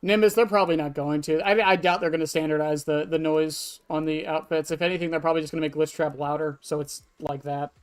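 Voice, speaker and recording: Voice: medium pitch, level tone, quick pace, few pauses, smooth. A streamer casually talking through a match of an online horror game and answering chat, blunt and offhand, swearing freely. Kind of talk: casual live-stream gameplay commentary.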